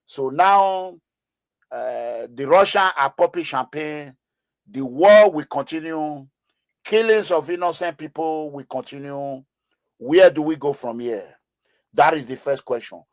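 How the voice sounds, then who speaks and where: A man's voice: fairly high pitch, a little slow, no room sound. A man giving emotional news commentary in an impassioned, pleading way, with many fillers and repeats.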